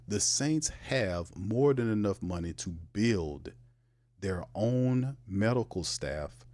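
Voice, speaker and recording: Animated sports host. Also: male voice. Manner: animated, with emphatic pitch jumps and repeated "hold on now". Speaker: sports talk show host. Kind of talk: casual live sports talk.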